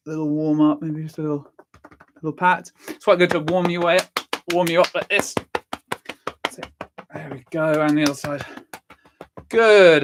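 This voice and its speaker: A cheerful man leading a vocal warm-up lesson, counting through the exercises and encouraging the listener, a little stuffy from a cold. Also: fairly high pitch, slight background noise. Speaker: singing and vocal warm-up teacher.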